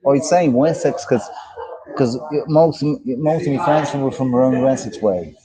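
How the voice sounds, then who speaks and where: With a crowd audible in the background, a man co-hosts a livestream outdoors in a park, reading comments, naming viewers and trading jokey, sweary banter. His mid-range voice moves at a measured pace, and the recording is low quality.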